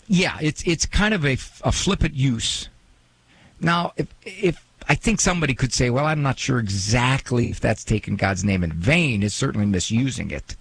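A man hosting a call-in radio advice show, talking to a caller in a gentle, pastoral way with many restarts. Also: medium pitch, gravelly, husky, rough recording.

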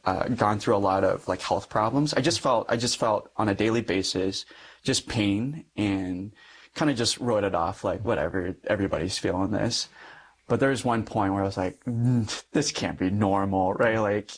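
A man's voice: lowish voice, normal speed, slightly rough. A young adult man, a Catholic priest, giving a personal testimony in conversation, acting out the dialogue in his story with frequent light laughs.

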